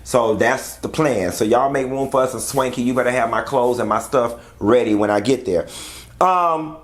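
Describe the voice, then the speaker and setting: A man's voice: medium pitch, moderate pace. A man from the United States, chatting candidly to his viewers as he reviews a reality show. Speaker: YouTube commentator. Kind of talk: casual reaction commentary.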